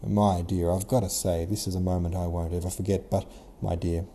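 A flattering old prince drawls his sweet words slowly and deliberately, as a man puts him on. The voice is low, dark and mellow, with faint ambience behind it. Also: a little hiss or hum. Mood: coaxing. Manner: slow, syrupy, flattering. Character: smooth, sentimental scheming old prince.

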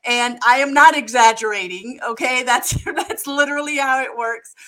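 A woman hosting a relaxed interview, her voice bright and fairly high. She talks with lively, animated enthusiasm, with an easy, casual warmth toward her guest. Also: unhurried, poor audio. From Germany. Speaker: host.

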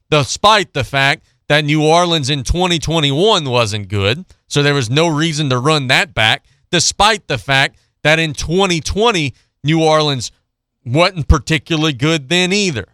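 A man's voice: a little high, animated, normal speed, sharp tone, smooth, no echo, studio quality. A man hosting a sports radio show, ranting bluntly and sarcastically about a football team before reading out betting picks. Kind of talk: opinionated sports talk monologue.

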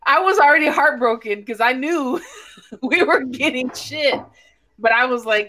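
A woman's voice: sits high, moderate pace, slight background noise. A woman hosting a casual chat, telling stories bluntly and swearing a lot. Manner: blunt, profane, animated storytelling. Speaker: podcast host.

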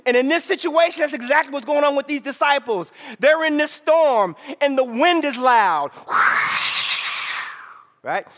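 A male pastor preaches in a very high, bright voice, pulling the congregation in with repeated "right?" calls. He swings between shouted lines and quieter asides. Long reverb from a large hall trails every phrase. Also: lively intonation, unhurried. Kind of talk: sermon.

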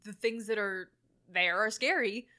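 A woman co-hosting a casual movie podcast, retelling scenes with lively acted-out quotes and bursts of laughter. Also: mid-range voice, unhurried. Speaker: podcast co-host.

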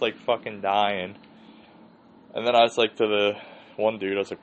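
Low-voiced man telling a rambling story. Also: steady tone, moderate pace. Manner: rambling, heavy swearing, laughs often. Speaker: podcast host. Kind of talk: casual storytelling. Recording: dull lo-fi sound with faint hiss.

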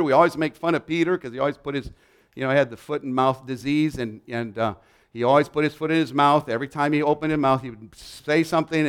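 Male preacher, sermon delivery, emphatic list-building, voice a touch higher than most men. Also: clear, resonant tone. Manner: emphatic, builds repeated lists.

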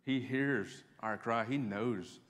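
A man's voice: mid-range voice, slow pace, a bit bright. A man preaching a sermon to his church in a casual, conversational way, often repeating words as he goes. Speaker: pastor. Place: church sanctuary. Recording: long hall reverb.

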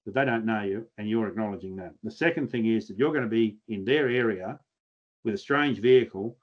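A man's voice: lowish voice, fairly quick, muffled recording. An Australian man chatting as a podcast guest, telling blunt, earthy stories with mild swearing. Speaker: podcast guest, pig hunter. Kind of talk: casual podcast chat.

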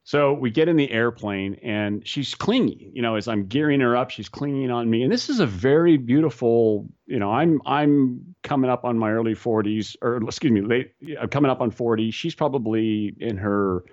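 A man's voice: mid-range voice, normal speed, hardly any pauses, a little mellow, dry recording. Brief: male skydiving instructor spinning yarns, rambling, stumbles over repeats, muffled and dry. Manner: rambling, repeats words, laughs at own stories. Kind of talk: casual storytelling chat. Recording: slightly dull, dry recording.

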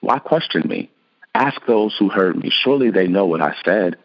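A man reading the measured, solemn lines of a calm teacher on trial. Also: deep voice, dull audio.

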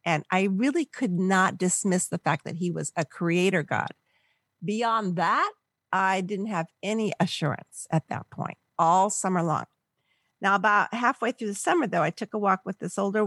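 An older woman from the Los Angeles area, a podcast guest, telling a personal story in an animated way and acting out the voices of people she quotes. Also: mid-range voice, normal speed, no room sound, studio quality. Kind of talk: storytelling in a conversational interview.

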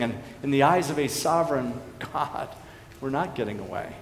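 Pastor guy preaching, earnest, punchy then quiet, lots of church echo. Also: mid-range voice, animated, moderate pace, gravelly. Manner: earnest preaching that swings between emphatic and hushed. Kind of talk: sermon. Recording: echoey hall reverb with faint background noise.

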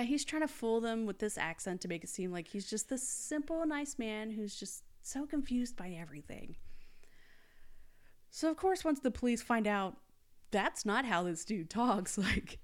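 A woman's voice: fairly high pitch, very animated, normal speed. A young adult woman hosting a casual true-crime chat, telling the story with sarcastic asides. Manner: storytelling, sarcastic asides, quotes people in mock voices. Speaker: podcast host.

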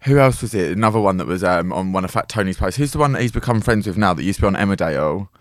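A man's voice: low-pitched, lively intonation, racing, no echo, clean studio sound. A man hosting a podcast, trading gossip in casual chat and laughing easily. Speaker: podcast host.

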